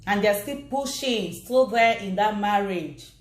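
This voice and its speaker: A woman's voice: mid-range voice, unhurried, faint music behind. Earnest Nigerian woman in an echoey room. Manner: earnest, repetitive, addresses viewers directly. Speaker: vlogger. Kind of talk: casual motivational talk to viewers. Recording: roomy echo.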